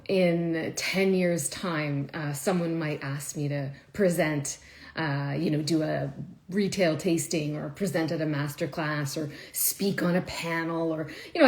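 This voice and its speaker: A woman chatting casually to viewers on a live stream, emotional and laughing often, with many fillers. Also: sits low. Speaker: wine video creator.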